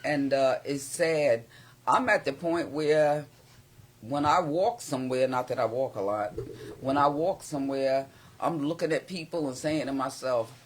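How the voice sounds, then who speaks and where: A man's voice: medium pitch, unhurried. Blunt older man on a chat show. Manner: blunt, candid, jumps between thoughts. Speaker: guest. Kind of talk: casual chat. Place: small studio.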